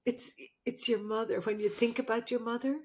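An older woman, a podcast host and midwife, speaking tenderly through tears in a halting, emotional heart-to-heart with her daughter. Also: on the high side, flat delivery. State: crying.

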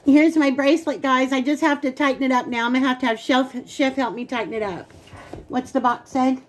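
A woman's voice: high-pitched, fairly even intonation, a little fast, slight background noise. A woman co-hosting a casual unboxing vlog, gushing and talking straight to her viewers. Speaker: channel co-host.

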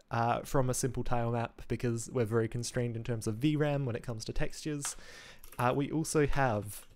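A man's voice: medium pitch, a little mellow, clear, resonant tone. A man casually talking through his game code on a live stream, thinking aloud with ums, restarts and wry asides.

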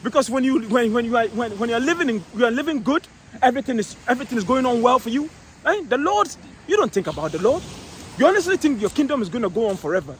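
A very high-pitched man preaches outdoors, pressing each point and repeating himself, breaking off to read scripture slowly. Faint traffic hums behind him. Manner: emphatic, repeats phrases, reads scripture slowly, calls out "eh?". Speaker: street preacher. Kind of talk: street preaching sermon.

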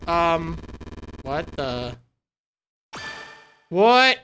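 A woman's voice: on the low side, expressive, unhurried, long pauses, sharp tone, faint music behind. A woman commenting live on a video game she is playing, reactive and playful, exclaiming and laughing often. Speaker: let's play host.

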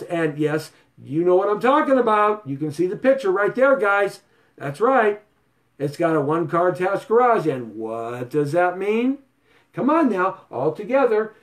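A man hosting a real estate show, talking to viewers in a playful, showy sales pitch full of sing-song repeats and stutter gags. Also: lively intonation, fairly quick.

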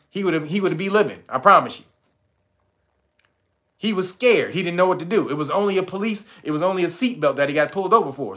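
A livestream host with a higher-pitched, fairly bright male voice delivers his pitch and commentary bluntly and roughly, swearing freely and bursting into laughter.

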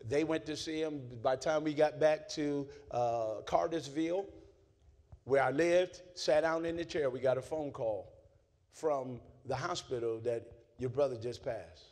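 A man preaching a sermon as pastor, pulling the congregation into call-and-response and swinging between low, quiet talk and shouting. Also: measured pace.

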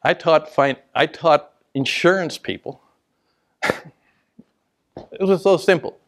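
A motivational speaker tells stories in a business talk, animated and laughing at his own anecdotes, then dropping to a hushed whisper to drive a point home. His voice sits on the high side and his pace is slow.

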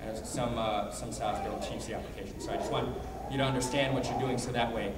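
A man teaching a martial arts class, explaining technique in a brisk coaching manner between called-out drill counts. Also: medium pitch, flat delivery. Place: martial arts training hall. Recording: echoey hall, distant mic, background noise.

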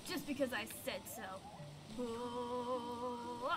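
A woman's voice: sits high, very slow. A young woman playing a game and chatting playfully, squealing and exclaiming as she goes. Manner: bubbly, exclaims and squeals often. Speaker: gaming video host. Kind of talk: playful gameplay commentary. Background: game music.

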